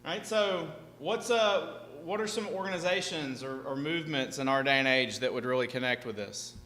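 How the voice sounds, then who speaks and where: A bright-voiced man with a slightly high voice teaches a seminar to an audience in a large hall, speaking at a moderate pace. His talk is lively, animated, and chatty, and he keeps asking "right?". The recording is echoey, with a faint hum.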